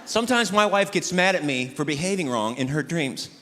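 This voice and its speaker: A man's voice: on the high side, animated, a little fast, in a large hall, heavy background noise. A man doing a stand-up routine about married life on a comedy club stage, acting out both sides of the banter. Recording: live club with loud crowd laughter.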